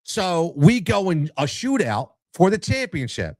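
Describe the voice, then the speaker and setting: A man's voice: on the high side, big pitch swings, a little slow, a little mellow, no room sound, clean studio sound. A man hosting a podcast, telling a story in a casual, emotional way and often tossing in "man" and "right?". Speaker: podcast host.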